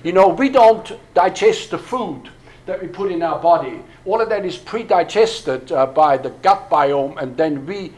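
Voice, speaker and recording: A man's voice: a little high, animated, measured pace, a little mellow, rough recording. A man, telling a long personal story at a church workshop, full of fillers and restarts. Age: 60s. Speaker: pastor. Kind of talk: workshop talk to a church audience.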